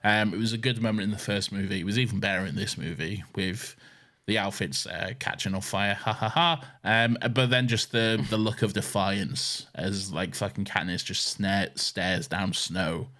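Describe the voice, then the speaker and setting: A man co-hosting a casual film podcast, relaxed and enthusiastic, swearing casually as he chats. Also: on the low side, normal speed. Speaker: podcast co-host.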